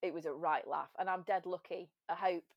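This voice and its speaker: A woman's voice: on the low side, fairly even intonation, a little fast, dry recording, highs cut off. An English woman chatting animatedly as a podcast guest, telling stories and slipping into little voices. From England. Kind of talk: casual chat.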